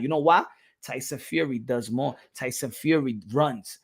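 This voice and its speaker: A young man hosts a loose boxing live stream in a high, gravelly voice. He talks in slang, mixes English with Spanish and keeps breaking into excited, animated bursts. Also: brisk. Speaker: boxing channel host. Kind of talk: casual live-stream talk.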